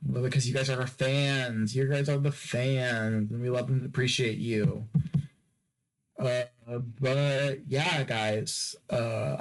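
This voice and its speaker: A man's voice: medium pitch, low-quality recording. Rambling, jokey man hosting a podcast. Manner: rambling, jokey, repeats phrases over and over; playful teasing of listeners. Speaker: podcast host. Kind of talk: casual solo podcast sign-off.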